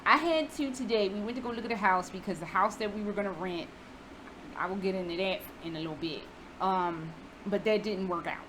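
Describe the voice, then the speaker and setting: A woman's voice: medium pitch, brisk, background noise. Profane, self-mocking young American woman. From United States. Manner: profane, self-deprecating, laughs often. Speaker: vlogger. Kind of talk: casual vlog monologue. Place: apartment indoors.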